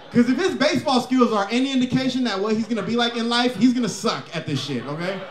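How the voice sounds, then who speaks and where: A brash male stand-up comedian with a profane, punchy delivery. His voice sits high and swings up and down as he riffs. The live club recording is roomy and echoey. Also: lively intonation, fast talker, hardly any pauses.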